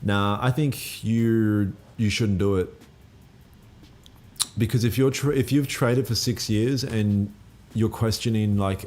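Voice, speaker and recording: A man's voice: lowish voice, slow pace, darkish tone. A man hosting a live trading stream, answering viewer comments in a laid-back, slangy, blunt way and swearing now and then. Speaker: trading livestream host.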